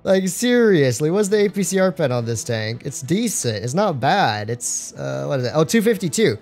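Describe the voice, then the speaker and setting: A young man doing live gameplay commentary on a stream, excitable and slangy, joking and talking to his chat. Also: fairly high pitch, moderate pace, vocal fry, faint music behind.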